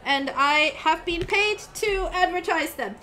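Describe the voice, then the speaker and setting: A woman's voice: very high-pitched, a little slow, bright, forceful tone, pitched above the performer's own voice, full character voice. A woman voicing a fourteen-year-old half-elf boy who works as a town crier, announcing in a pompous way with sighing asides.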